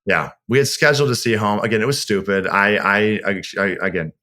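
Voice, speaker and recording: A man's voice: on the low side, a little fast, pushed and bright. A man, a podcast guest, telling a personal story in a candid, rambling way, often restarting his sentences. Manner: candid, rambling, self-correcting. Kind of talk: casual storytelling.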